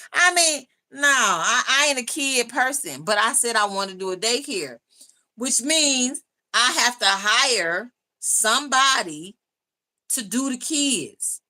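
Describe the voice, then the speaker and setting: Bright-voiced chatty woman livestreaming. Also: mid-range voice. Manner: chatty and laughing, reads out viewer comments. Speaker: YouTube livestream host. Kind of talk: casual live chat with viewers.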